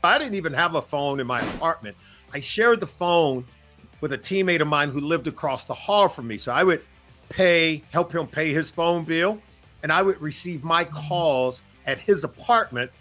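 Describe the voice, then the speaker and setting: A man around sixty looks back fondly in an interview, his bright, forward voice sitting a little high. He speaks in measured phrases while faint music plays underneath. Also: animated. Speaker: former player. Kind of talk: storytelling in an interview.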